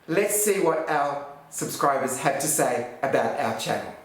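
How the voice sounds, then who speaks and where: A man's voice: mid-range voice, expressive, a little slow. A man with an Australian accent hosting a casual vlog chat in a cheeky, teasing manner. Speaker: vlog host. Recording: very echoey room.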